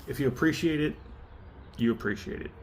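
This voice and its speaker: A man hosting his own channel, giving a chatty, animated spoken review of a whiskey and laughing between thoughts. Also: medium pitch, a little fast.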